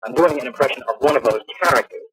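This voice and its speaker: A male radio host asks his questions eagerly, stumbling and restarting as he goes. His pitch sits in the middle range. The old broadcast carries a clear crowd murmur behind him. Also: low-quality recording. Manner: eager, halting, many restarts. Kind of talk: casual interview.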